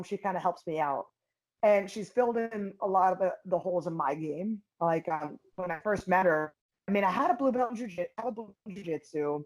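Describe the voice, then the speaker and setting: A young woman from Philadelphia, an MMA fighter and guest in an interview, telling stories in a blunt, profane and animated way. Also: medium pitch, low-quality recording. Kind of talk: casual interview storytelling.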